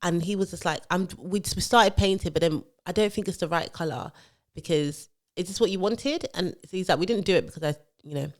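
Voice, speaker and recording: A woman's voice: lowish voice, brisk. A woman co-hosting a podcast, telling stories animatedly and acting out what others said. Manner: animated storyteller acting out quotes. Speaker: podcast co-host. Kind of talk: casual chat.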